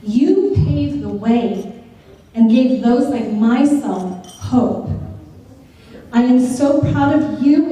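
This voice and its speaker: A middle-aged woman giving a heartfelt thank-you speech at a formal ceremony, grateful and warm, with light humorous asides. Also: a little high, distant mic. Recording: echoey hall, picked up from afar.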